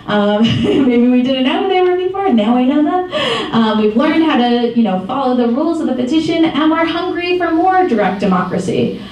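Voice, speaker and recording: A woman in her twenties from Michigan, giving a casual talk to a group as founder of a campaign, telling stories in a chatty, animated way with many ums and small laughs. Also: high-pitched, normal speed. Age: 20s. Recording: echoey far-off room mic with faint noise.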